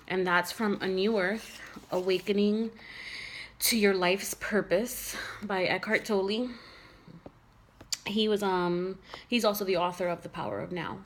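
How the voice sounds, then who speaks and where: A woman speaking to camera about faith and the ego, earnest and heartfelt, with slow emphatic repetitions and soft near-whispered phrases. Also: medium pitch, steady tone, poor audio. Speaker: mother sharing spiritual reflections. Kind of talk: personal reflective monologue.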